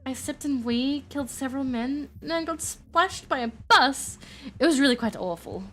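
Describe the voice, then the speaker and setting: A woman's voice: high-pitched, moderate pace, a bit bright, faint music behind, pitched above the performer's own voice. A woman voicing an ancient, squeamish and haughty vampire woman, in a prim, fussy, complaining manner.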